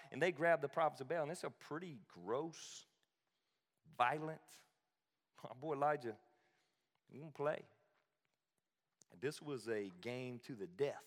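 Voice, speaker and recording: A man preaching a sermon as lively storytelling, joking and laughing often. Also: fairly high pitch, unhurried, long pauses, in a large hall.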